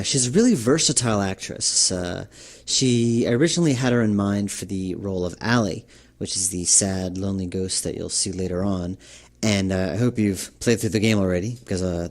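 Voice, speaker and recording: Male dev commentary, lowish voice, rambling and hesitant. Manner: rambling, hesitant, lots of fillers. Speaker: game developer giving commentary. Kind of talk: director's commentary.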